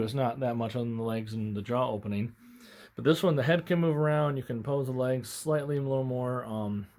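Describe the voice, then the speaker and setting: A young man with a mid-range, darkish voice casually reviews a toy on camera, picked up by the camera mic as he handles the toys. He's out of breath and rambling, stammering and apologizing along the way.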